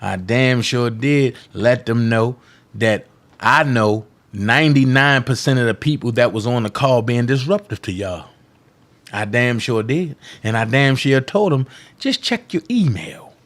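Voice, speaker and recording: A man hosting a political livestream rants defiantly at his critics, mocking them, hammering phrases through repetition and shifting between shouted bursts and quiet asides. His mid-range voice is expressive and his pace measured.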